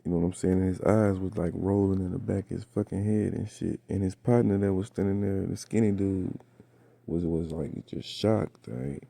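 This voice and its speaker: A man with a raspy voice, just woken up, casually retelling a dream in slangy, profane storytelling full of fillers. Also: low-pitched, fairly even intonation, normal speed, dark tone, no echo. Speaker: vlogger recounting a dream.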